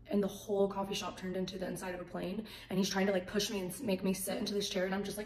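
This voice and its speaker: A woman giving a casual faith testimony, animated and acting out the voices in her story. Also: medium pitch, fast talker, few pauses, slight background noise. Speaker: faith vlogger. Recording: echoey room.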